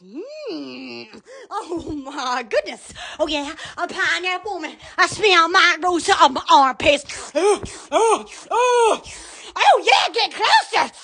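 A woman's voice: very high-pitched, very animated, slow pace, pushed and bright. A woman hosting a goofy livestream from her bedroom on her phone, rambling silly nonsense with giggles and exclamations. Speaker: livestream host.

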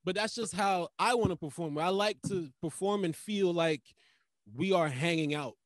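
A man's voice: high voice, normal speed, dry recording, studio quality. A male stand-up comedian talking casually on a podcast, loose and profane, acting out bits as he tells stories. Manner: loose, profane, animated storytelling.

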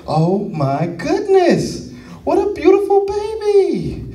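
Mężczyzna udający przesłodzonego lekarza. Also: male voice, very high-pitched, wildly swooping pitch, slow, mellow, echoey room, distant mic, pitched above the performer's own voice, heavily acted, low-quality recording. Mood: gushing. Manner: plays it up, sugary. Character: gushing male doctor, overly polite. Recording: stage mic with crowd laughter.

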